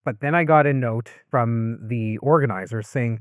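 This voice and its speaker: Man, podcast host, conversational, reflective, medium pitch, dry. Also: moderate pace, few pauses, no room sound. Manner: conversational, reflective, relaxed storytelling. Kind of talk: podcast interview.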